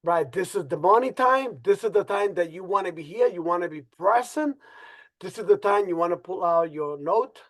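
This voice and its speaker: A man's voice: high-pitched, normal speed. Hypey man with a Spanish-speaking accent. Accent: Spanish-speaking accent in English. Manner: animated, hypey, repeats phrases. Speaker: co-host presenter. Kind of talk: casual webinar presentation.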